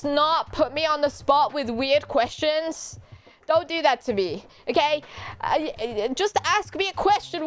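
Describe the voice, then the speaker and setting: A British woman chats to her stream at a slow, unhurried pace, playful and giggly, with a fairly high voice. She teases her viewers and breaks into high squeals. Faint music plays under her voice. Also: animated. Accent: British English. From Britain. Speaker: VTuber streamer. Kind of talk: casual chat.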